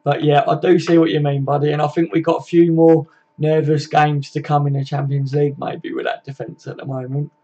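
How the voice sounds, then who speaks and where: A man's voice: on the high side, flat delivery, fairly quick, warm tone. Laddish man on a dull stream. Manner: laddish, swears, calls viewers mate. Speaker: football fan live-stream host. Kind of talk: casual live-stream chat reading comments.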